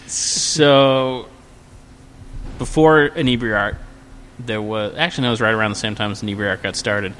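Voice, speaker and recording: A man's voice: lowish voice, unhurried, pauses often, a little hiss or hum. A man telling a drunken convention story in a casual podcast chat, acting out the quotes with a raised voice. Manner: animated, acts out quotes in a raised voice. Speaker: podcast guest.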